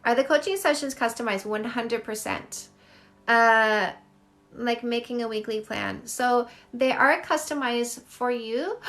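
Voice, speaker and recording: A woman's voice: a little high, a bit bright. A middle-aged Canadian woman, a dating coach hosting a live stream on her phone, chatting casually and gushing over viewer comments. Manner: effusive, gushing, quick and chatty.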